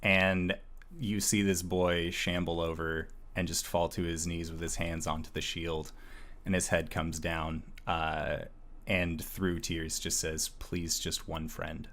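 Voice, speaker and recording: A man narrating a tabletop game as game master, measured and pausing often with "uh". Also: deep voice, flat delivery, fairly bright tone. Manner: slow, measured, with frequent "uh" pauses.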